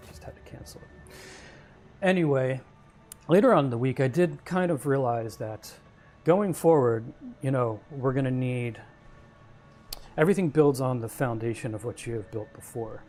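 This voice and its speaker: Chill guy rambling on his game stream, mid pitch, bit of music in the background. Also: a little mellow. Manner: easygoing, rambling, chuckles to himself. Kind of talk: casual livestream chat while gaming.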